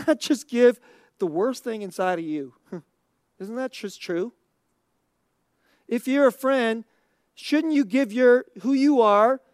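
A woman's voice: fairly high pitch, a little mellow, dry recording, studio quality. A woman giving an informal Christian teaching talk, conversational and thinking aloud, chuckling often between points. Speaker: Christian speaker.

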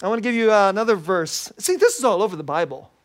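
Middle-aged pastor guy preaching, high voice, laughs a lot, acts out little quotes. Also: lively intonation, fast. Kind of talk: sermon.

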